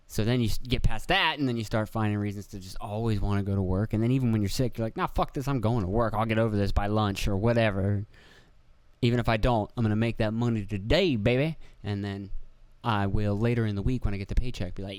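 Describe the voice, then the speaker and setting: A young solo podcast host talks at a quick pace with fairly even intonation, his lowish voice a little mellow in a dry recording. The show is casual and rambling, full of swearing, self-deprecating laughs and acted-out quotes, shot in an indoor room with a video camera.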